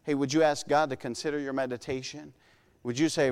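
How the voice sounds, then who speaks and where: A man's voice: fairly high pitch, steady tone, a little fast, darkish tone, clear, resonant tone. A man preaching a sermon in an earnest way, often acting out the voices he quotes. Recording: long hall reverb.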